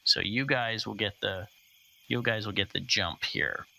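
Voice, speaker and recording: A man narrating a tabletop game as game master and explaining the rules, halting with many fillers and restarts. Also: lowish voice, vocal fry, sharp tone, rough recording.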